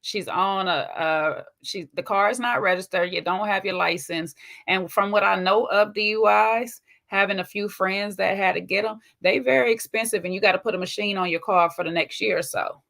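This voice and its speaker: A woman with a Southern US twang hosting a casual, slangy recap of a reality TV show, chatty and quick to laugh. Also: mid-range voice, fairly even intonation, creaky, fairly bright tone. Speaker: host.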